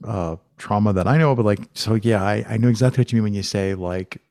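A low-voiced man hosts a podcast conversation, his questions winding and hesitant with plenty of fillers. The sound is dry and close. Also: quick pace, a little mellow, dry recording. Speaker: podcast host. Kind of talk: conversational interview.

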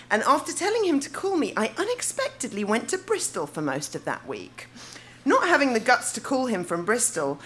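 Woman, diary reading on stage, giggly, lively sing-song delivery. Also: medium pitch, a little hiss or hum. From England. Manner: giggly, breaking into laughter between lines. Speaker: diary reader. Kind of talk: reading her teenage diary aloud on stage. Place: live show venue.

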